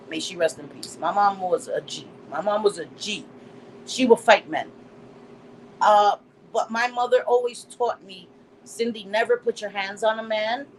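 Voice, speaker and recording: A middle-aged Puerto Rican woman hosts a casual live stream, blunt and profane, slipping Spanish words into her speech. Her voice is medium-pitched, and the recording is rough with a little hiss or hum.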